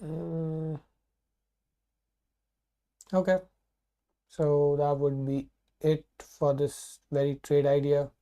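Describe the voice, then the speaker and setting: A man's voice: fairly high pitch, fairly even intonation, very slow, creaky, long pauses, warm tone. A man giving live trading commentary, talking through his thoughts and swearing out of frustration. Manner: frustrated, swears often, thinks aloud. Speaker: livestream trader.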